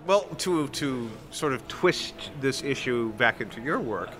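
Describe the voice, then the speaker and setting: A man's voice: medium pitch, animated, unhurried. A man interviewing an author, asking long, playful and wordy questions and poking fun at his own phrasing.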